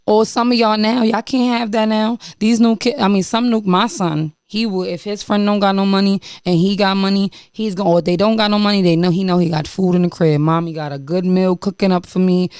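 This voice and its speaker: A young woman hosting a casual chat, animated and slangy, swearing freely. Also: medium pitch, fairly quick, few pauses, clear, resonant tone, no echo, clean studio sound. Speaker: podcast host.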